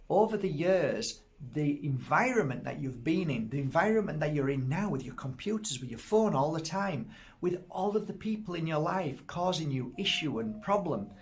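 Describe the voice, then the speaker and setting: Crystal healer guy with a gravelly voice, chatting straight at you, repeats stuff a lot. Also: a little high. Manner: speaks straight to the listener, repeats and lists words. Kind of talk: casual spiritual teaching talk.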